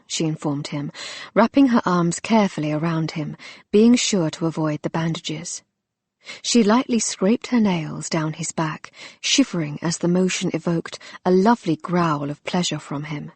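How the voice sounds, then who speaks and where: A woman narrating an audiobook in a soft, intimate, measured way. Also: low voice, slightly rough, dry recording. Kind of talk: scripted narration.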